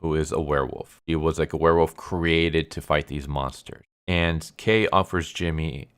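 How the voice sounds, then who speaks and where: A man's voice: rumbling low, fairly even intonation, normal speed, smooth. A man casually retelling a story, loose and chatty, with lots of filler words. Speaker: manga recap narrator.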